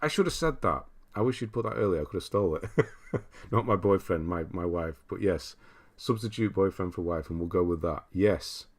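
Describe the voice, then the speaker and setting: A man's voice: low-pitched, lively intonation, normal speed. A man from Britain hosting a casual livestream, reading viewer comments aloud and laughing often. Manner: chatty, laughs often, reads chat aloud. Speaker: livestream host.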